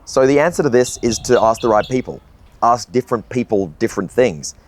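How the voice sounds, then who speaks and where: A man's voice: medium pitch, expressive, fairly quick. A young man talking earnestly and casually to the camera, reflecting in a vlog monologue. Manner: earnest, conversational, casual swearing. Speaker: video essayist.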